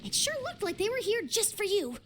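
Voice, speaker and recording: A woman's voice: very high voice, sing-song, a little fast, slight background noise. A woman voicing a pushy, inquisitive young journalist in a video game, probing and teasing with easy confidence.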